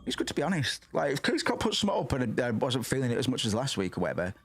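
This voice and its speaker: A man chatting casually on a livestream, rambling and profane, loud and passionate, tacking "man" onto his sentences. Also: rapid-fire, husky. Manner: loud and passionate, animated swings in pitch. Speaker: streamer.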